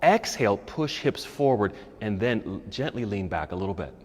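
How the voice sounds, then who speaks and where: A man teaching a yoga class, calmly cueing poses and breaths, and he is a little out of breath. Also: fairly low pitch, normal speed, in a large hall. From United States. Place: yoga studio.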